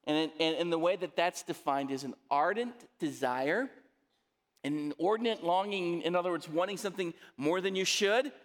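A man's voice: high voice, normal speed. Male pastor preaching in a reverberant hall. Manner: conversational, asks the congregation to respond. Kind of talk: sermon.

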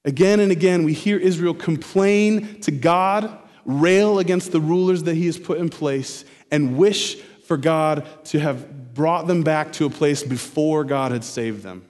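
A male pastor preaching an expository sermon, repeating key phrases slowly for emphasis. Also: a little high, darkish tone. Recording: preaching in a hall with long reverb.

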